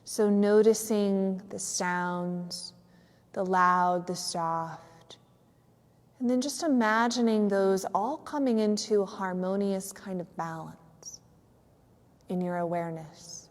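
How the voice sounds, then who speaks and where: A woman yoga teacher gently and slowly guiding a yoga nidra relaxation in a studio, with a few fillers. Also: mid-range voice, in a large hall. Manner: soft, slow, soothing guidance with some fillers. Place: yoga studio on a cold evening.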